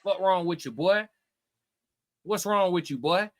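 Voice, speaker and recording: A man's voice: sits high, unhurried, noisy background. A man hosting a live reaction stream, reading his chat aloud and answering with brash, profane, taunting trash talk that repeats itself.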